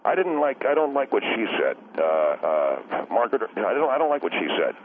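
A man doing a deep-voiced touchy husband on a phone line. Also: very animated, normal speed, a little hiss or hum. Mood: touchy, rambling. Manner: defensive, rambling, mixes up he and she. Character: touchy rambling middle-aged husband caller. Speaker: caller. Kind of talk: comedy radio call-in.

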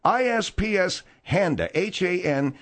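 A man's voice: sits high, a little slow. A man hosting a comedy talk radio show, reading news items and bantering with exasperated humor. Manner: animated, exasperated, jokey. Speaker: radio host.

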